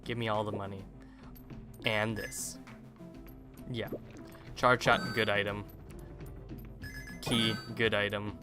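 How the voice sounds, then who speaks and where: A man's voice: lowish voice, little pitch movement, slow, pauses often. A man giving rambling, chatty commentary while playing a video game. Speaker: let's play host. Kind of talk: live gameplay commentary. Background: game music and gunfire.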